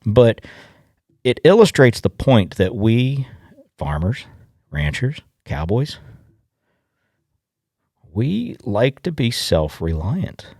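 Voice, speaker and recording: A middle-aged man from Illinois hosting a farming podcast, telling stories in a folksy, halting way. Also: medium pitch, very animated, warm tone, no echo, clean studio sound. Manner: folksy storyteller, halting restarts. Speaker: podcast host. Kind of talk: casual podcast monologue.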